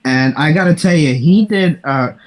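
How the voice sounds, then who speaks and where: A man's voice: a little high, normal speed. A man as a guest on a casual podcast, laid-back and enthusiastic, swearing now and then.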